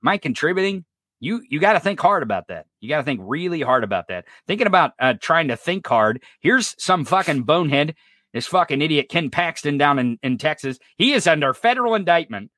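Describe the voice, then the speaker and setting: A man's voice: a little high, big pitch swings, brisk, pushed and bright, dry recording, clean studio sound. A middle-aged man hosting a podcast, delivering an angry, profane, sarcastic political rant. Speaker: podcast co-host.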